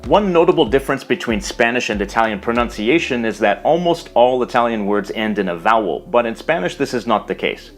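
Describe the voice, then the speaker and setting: A man narrating a scripted language lesson, explaining carefully and slowing down to pronounce example words. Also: mid-range voice, animated, soft background music. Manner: measured, explanatory, slows to pronounce foreign words. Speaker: language teacher.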